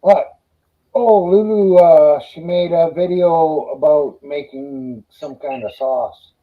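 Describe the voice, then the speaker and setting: A man's voice: a little high, slow. Man on dull lo-fi audio, rambling. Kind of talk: casual chat.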